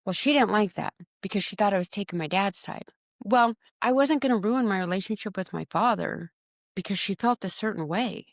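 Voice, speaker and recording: A woman, a podcast guest, tells a personal story in an emotional, animated way. She acts out her own quoted words and often repeats or restarts them. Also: mid-range voice, brisk, no echo, studio quality.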